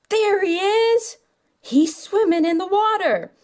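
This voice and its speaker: A woman narrating a toy play for children in an animated storytelling manner. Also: very high voice, slow pace.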